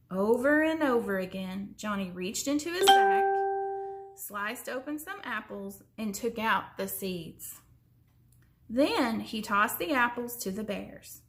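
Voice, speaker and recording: A woman reading a children's story aloud in an expressive way, slowing down for suspense. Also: fairly high pitch. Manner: expressive, slows down for suspense, sometimes drops to a whisper.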